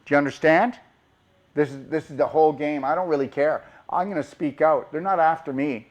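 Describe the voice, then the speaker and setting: A man's voice: on the high side, brisk, highs cut off. A man, a doctor, giving an impassioned motivational talk and pressing his audience with rhetorical questions.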